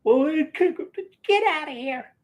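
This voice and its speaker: A man voicing an angry teenage girl who yells and scolds as he tells a story. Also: very high-pitched, lively intonation, a little slow, pitched above the performer's own voice. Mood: furious. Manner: yelling, scolding. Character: angry shouting teenage girl, a friend's sister.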